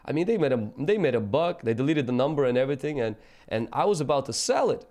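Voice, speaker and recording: A man's voice: mid-range voice, big pitch swings, fast talker, a little mellow. A man preaching a sermon, telling personal stories and acting out the people he quotes in an earnest way. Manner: earnest, acts out quoted voices.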